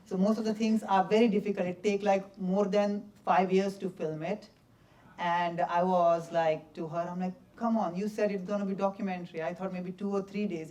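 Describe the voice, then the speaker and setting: At a post-screening Q&A in a cinema or festival hall, a young man from India, the subject of the film, answers audience questions at normal speed in a high voice, recorded far from the mic with a faint crowd audible. His stories are lively and full of laughter, told in simple, broken English.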